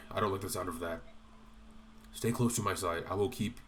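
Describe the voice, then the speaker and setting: A man voicing a huge, gentle bear-man warrior in a deep, slow and formal voice, reading game dialogue. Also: a little hiss or hum. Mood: protective.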